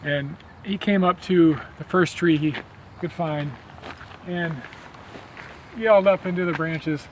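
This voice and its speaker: A man with a high voice leads a botany field lesson outdoors among trees. He explains in a friendly, quizzing manner and tells folk tales. Faint background noise sits under his voice. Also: takes it slowly, long pauses, highs cut off.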